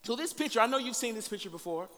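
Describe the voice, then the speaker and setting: A man preaching a sermon, animated, with big swings in loudness and calls for the congregation to answer back. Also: extremely high pitch, racing. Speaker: pastor. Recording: long hall reverb.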